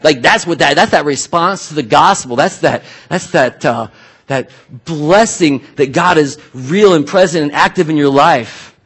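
A man preaching a sermon in a casual, animated way, often restarting his sentences. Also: fairly high pitch, husky. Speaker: pastor.

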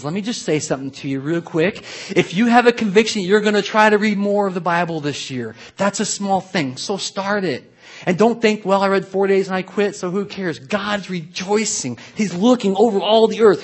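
A middle-aged man preaching a sermon in a casual, conversational way, acting out the voices of people he quotes. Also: on the high side. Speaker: pastor.

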